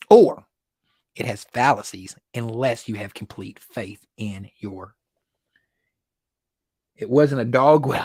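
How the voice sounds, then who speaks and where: A man hosting a casual livestream, telling stories in an excitable way, laughing often and repeating words when worked up. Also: medium pitch, moderate pace, dry recording, studio quality. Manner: animated, excitable storytelling with frequent laughs. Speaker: livestream host.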